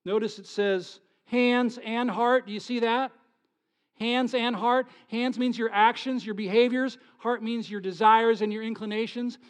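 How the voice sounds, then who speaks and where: A man with a high voice preaching a sermon to his congregation. He drops to hushed, almost whispered lines, then swells into loud, pleading passages. He keeps putting rhetorical questions to his listeners. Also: fairly even intonation, unhurried, clean tone. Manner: dramatic swings from soft whispers to loud pleading. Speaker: pastor.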